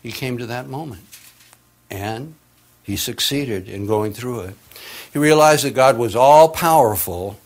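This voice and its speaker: A man delivering a sermon at a middle pitch. His voice drops low and quiet for reflective points and rises loud and urgent for emphasis. He leans on dramatic pauses between phrases. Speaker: preacher.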